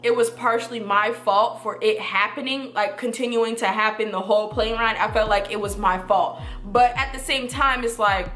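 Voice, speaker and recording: Young woman vlogger, bright and a bit high, earnest and emphatic, in an echoey room. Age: 20s. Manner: earnest, emphatic, repeats points for stress. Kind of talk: personal storytime to camera.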